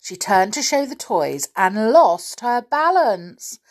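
A woman reading a children's story aloud with lively expression. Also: on the high side, slow pace.

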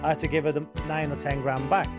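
A man's voice: fairly high pitch, flat delivery, fast talker, over music. A man co-hosting a podcast in casual chat, rambling and tripping over his words good-humouredly. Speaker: podcast co-host.

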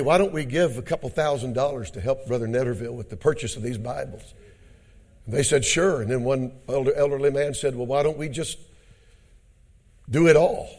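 A middle-aged pastor preaching a sermon, telling a story in a low, quiet voice and then rising to loud shouted exhortation. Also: male voice. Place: church conference hall.

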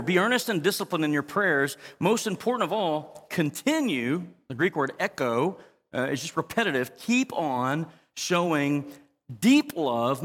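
A man's voice: fairly high pitch, fairly bright tone, in a large hall. A man preaching a sermon to his congregation as pastor, emphatic and often asking the crowd to respond. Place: church.

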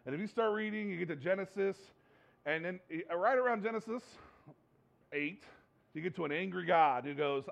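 A man preaching a conversational sermon, joking and animated, repeating phrases for emphasis. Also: high-pitched, moderate pace, vocal fry, lo-fi sound. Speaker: pastor.

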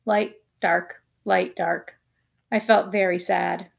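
A woman reading a children's novel aloud, telling the story in an expressive first-person voice. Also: on the low side, slow, gravelly. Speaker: audiobook reader.

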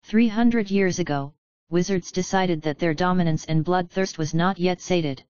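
Lady reading as a bitter goblin chief, raw voice, low-ish and smooth, kinda dull lo-fi sound. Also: moderate pace, darkish tone, no room sound, natural voice. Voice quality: raw, emotional voice. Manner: grand declaiming speech. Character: small proud bitter male goblin leader.

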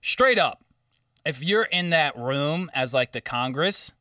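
Bright-voiced young man, loose and emphatic. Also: a little high, animated, slow, no echo, studio quality, far from the mic. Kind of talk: casual chat.

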